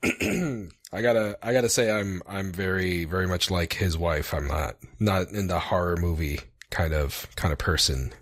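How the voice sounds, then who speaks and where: A man co-hosting a podcast, chatting in a relaxed, rambling way with lots of fillers. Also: sits low, moderate pace, no room sound, studio quality. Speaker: podcast co-host. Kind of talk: casual chat.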